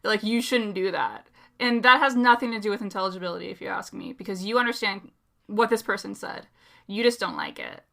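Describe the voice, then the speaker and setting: A woman on a podcast who speaks quickly and bluntly and swears casually. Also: mid-range voice, vocal fry, pushed and bright. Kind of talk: podcast conversation.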